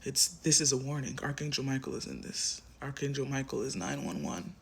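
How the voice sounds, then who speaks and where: With a mid-range voice, lively intonation, vocal fry, and a fairly quick pace, a man delivers a collective tarot reading to the viewer over a little hiss or hum. He's intense and insistent, looping back on phrases, swearing, and at times whispering.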